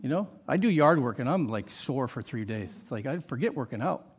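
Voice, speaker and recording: A man's voice: medium pitch, expressive, a little fast, husky. A male pastor preaching a sermon with emphatic delivery, rhetorical questions and casual asides to the congregation.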